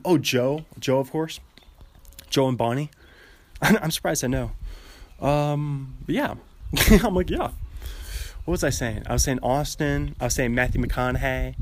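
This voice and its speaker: A man's voice: mid-range voice, no room sound. A young man host chatting alone in a meandering way, laughing often and interrupting himself while pacing in an outdoor gazebo. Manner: giggly, meandering, self-interrupting. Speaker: podcast host. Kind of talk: rambling solo chat. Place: outdoor gazebo, light drizzle. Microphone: walking while talking.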